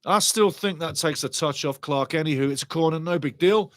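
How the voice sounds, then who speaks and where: A man's voice: fairly high pitch, fairly quick. A man giving passionate fan commentary on a live football match, cheering his side and reading out chat messages. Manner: excitable, partisan, reads chat comments aloud. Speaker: fan watch-along commentator.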